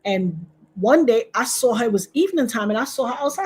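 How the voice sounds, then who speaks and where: A woman from Trinidad, a guest on a video-call interview, telling a story in an animated way and acting out the voices of other people. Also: fairly quick, breathy edge. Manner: animated, acts out quoted voices with big pitch jumps.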